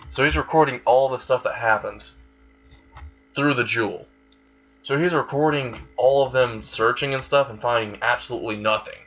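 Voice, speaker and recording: A man's voice: medium pitch, fairly bright tone. Man casually retelling a crude fan story. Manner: rambling, crude, laughs at his own plot. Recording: slightly dull recording with faint hiss.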